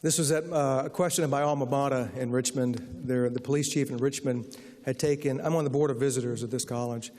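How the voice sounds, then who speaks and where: Man, author at a lecture, wry storyteller, mid-pitched, long hall reverb. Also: fairly even intonation, fairly quick, few pauses, dark tone. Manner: wry, anecdotal, acts out quoted voices.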